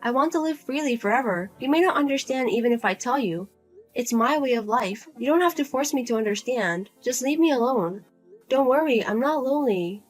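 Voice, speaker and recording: A woman's voice: a little high, lively intonation, brisk, soft background music, voice pushed down. A woman doing a blunt, cold daughter. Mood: firm, exasperated. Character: single adult daughter, firm and exasperated.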